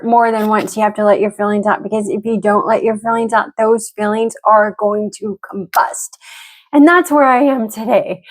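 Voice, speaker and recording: A middle-aged woman venting frankly and emotionally to camera as she gets ready, swearing freely. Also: fairly high pitch. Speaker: vlogger. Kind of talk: candid talk to camera while getting ready.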